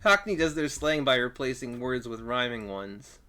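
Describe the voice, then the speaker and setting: A man's voice: medium pitch, expressive, normal speed, sharp tone. A man hosting a game playthrough who talks casually, exasperated and laughing at himself. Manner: exasperated, laughing self-deprecation. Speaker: let's play host.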